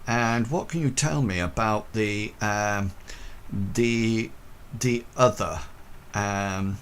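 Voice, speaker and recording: A man's voice: on the low side, takes it slowly, fairly bright tone, slight background noise. A man voicing a stern, suspicious police inspector who questions people in a clipped, probing way.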